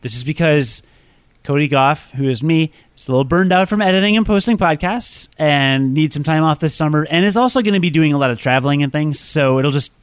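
Man, podcast host, rambling, self-deprecating, slightly high voice, dry close mic. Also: a little fast, clear, resonant tone, no echo. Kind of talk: casual podcast chat.

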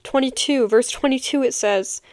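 A woman's voice: sits high, normal speed, dry recording, studio quality. A young woman and podcast host giving a heartfelt personal faith testimony, speaking earnestly and repeating key phrases for emphasis.

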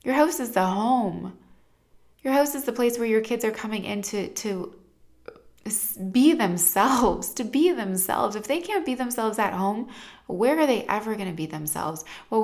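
A woman in her thirties, a parent, talking earnestly to camera in a casual, chatty way, full of "like" fillers. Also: mid-range voice.

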